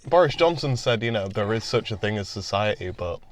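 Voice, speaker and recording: A man's voice: fairly low pitch, animated, brisk, slight background noise. A man co-hosting a podcast from a car, sardonic and swearing in casual banter. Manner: sardonic, swearing, laughs a lot. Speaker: podcast co-host. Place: in a parked car.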